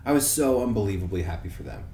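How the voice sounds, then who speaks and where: A man's voice: on the low side, lively intonation, quick pace, dark tone. A young man hosting a casual podcast, rambling and swearing with many restarts and fillers. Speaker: podcast host. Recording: echoey room with faint hiss.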